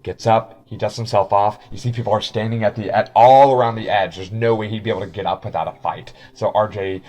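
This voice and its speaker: A man's voice: lowish voice, steady tone, fairly quick, a little mellow. A man narrating a tabletop game as game master, rambling with many fillers.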